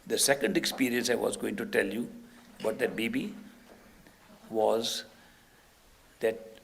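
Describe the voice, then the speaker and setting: Older man telling stories, gravelly. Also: lowish voice, a little slow, slight background noise. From India. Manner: gentle storyteller, animated. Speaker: spiritual teacher. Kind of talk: storytelling spiritual talk. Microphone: video call.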